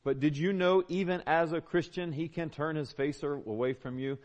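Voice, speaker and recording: A man's voice: a little high, moderate pace, darkish tone, lo-fi sound. A man, preaching a sermon as a pastor, conversational and emphatic with repeated phrases. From Southern United States. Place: church.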